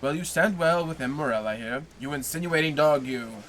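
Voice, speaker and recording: A man's voice: a little high, normal speed, fairly bright tone, a little hiss or hum, natural voice. A man reading aloud, voicing a grizzled, worldly male tailor neighbor who talks in a hearty, overly familiar way.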